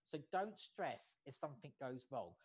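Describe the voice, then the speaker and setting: Trainer running an online class over video call, steady and careful, keeps asking "okay?". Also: mid-range voice, slightly rough. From United States. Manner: measured, often checks in with "okay?". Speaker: workshop facilitator.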